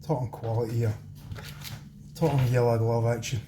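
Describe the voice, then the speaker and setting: A man's voice: mid-range voice, steady tone, moderate pace. A Scottish man hosting a home cooking video, chatting cheekily to his viewers as he works in his kitchen. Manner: chatty, cheeky, talks straight to viewers as folks. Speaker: home cooking channel host. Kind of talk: casual cooking demo talk. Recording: roomy echo, faint background noise.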